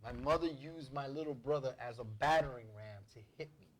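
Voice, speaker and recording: A man hosting a talk show, telling family stories in a casual, profane, animated way. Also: mid-range voice, brisk. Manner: animated, profane, acts out family members' voices. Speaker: show host. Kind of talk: casual comedic storytelling.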